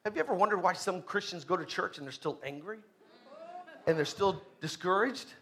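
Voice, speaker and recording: A male pastor preaching a sermon, dropping to hushed low asides and rising to shouted exhortation, calling on the congregation to answer him. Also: brisk. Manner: calls for congregation responses.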